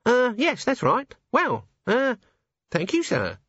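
Hesitant young dwarf recruit, high and stammering, a man voicing it; dry, slightly dull recording. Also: wildly swooping pitch, takes it slowly, fairly bright tone, breathy edge, no room sound, heavily acted. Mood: nervous.

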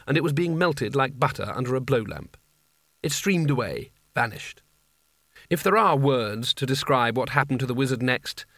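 A man's voice: medium pitch, a bit bright, no echo. A man narrating a comic fantasy audiobook in a dry, wry storytelling manner. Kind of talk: scripted narration.

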